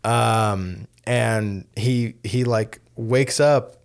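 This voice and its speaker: Man, podcast co-host, casual film talk, conversational, medium pitch. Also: steady tone, very slow, vocal fry, smooth. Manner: chatty, many fillers and tag questions.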